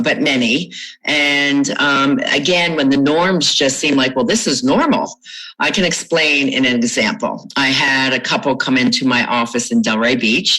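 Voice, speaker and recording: A middle-aged woman from Florida with a rumbling low, slightly bright voice works as a trauma recovery coach. She answers interview questions in an explanatory manner, sharing client stories with light laughs. The audio quality is poor.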